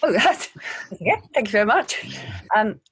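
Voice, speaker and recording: A woman, an actor, telling stories in a quiet, measured way in an interview. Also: mid-range voice, very animated, husky, dry recording. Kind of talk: interview answers.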